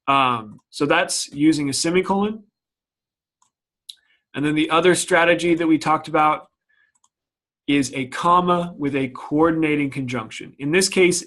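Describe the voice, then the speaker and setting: A man's voice: medium pitch, fairly bright tone. A young adult man teaching a grammar lesson, explaining step by step with frequent restarts and ums.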